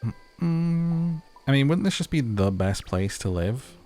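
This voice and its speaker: A man giving relaxed, chatty commentary over a game, thinking aloud as he plays. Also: medium pitch, slow pace. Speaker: gaming youtuber. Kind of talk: casual gameplay commentary.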